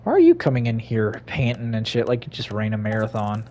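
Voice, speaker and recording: A man's voice: wildly swooping pitch, fairly quick, a little hiss or hum. Swearing man narrating his gameplay. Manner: swears a lot, talks to himself and laughs; sudden loud high outbursts. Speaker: gaming streamer. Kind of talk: casual gameplay commentary.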